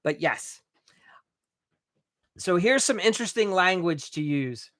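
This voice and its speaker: A man coaching remodelers in a live training, blunt and a bit profane, talking in quick bursts with restarts. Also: sits high, animated, a bit bright, no echo, studio quality. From United States.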